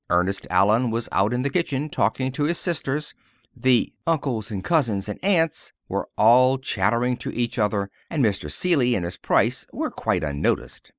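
A male audiobook narrator reading an old-fashioned story. His delivery is expressive, his pitch rising and falling freely at a middle height. The recording is dry and close. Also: dry recording. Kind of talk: scripted narration.

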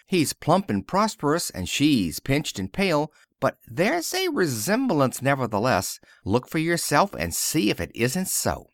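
An impulsive, warm-hearted young woman from an old-fashioned story, as a man reads her lines. She talks brightly and eagerly, her pitch lively. The recording is dry and close. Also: a little slow, few pauses, dry recording, exaggerated voice.

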